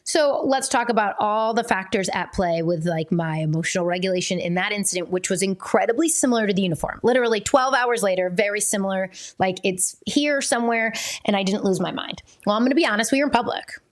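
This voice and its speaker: A woman's voice: medium pitch, fast talker. A woman hosting a parenting podcast, talking in a chatty, candid way with fillers and self-corrections. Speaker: podcast host and parenting coach.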